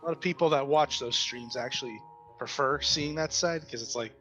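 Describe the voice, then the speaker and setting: A man's voice: mid-range voice, brisk, sharp tone, faint music behind. A man playing a tabletop game, chatting and teasing his friends. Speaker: player. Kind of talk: casual chat among players.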